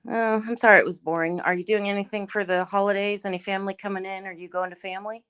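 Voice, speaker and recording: A woman's voice: mid-range voice, steady tone, a little fast, fairly bright tone, smooth. A middle-aged woman hosting a casual live chat, greeting viewers by name and chatting in a laid-back way. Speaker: livestream host.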